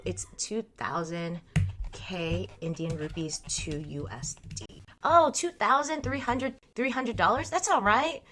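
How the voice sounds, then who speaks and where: A woman's voice: medium pitch, a bit bright, slight background noise. A woman in her thirties hosting a casual livestream, reading chat aloud and talking frankly with frequent laughter. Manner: frank, chatty, laughs often. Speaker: livestream host.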